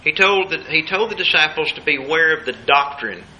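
A man's voice: fairly high pitch, animated, normal speed, bright, forceful tone, highs cut off. A man preaching a Bible study sermon, emphatic and repeating his key phrases for weight.

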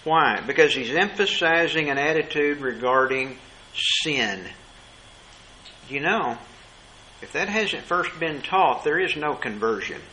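A man preaching a sermon, asking rhetorical questions and slowing down to stress key words. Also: a little high, expressive, sharp tone, a little hiss or hum, low-quality recording.

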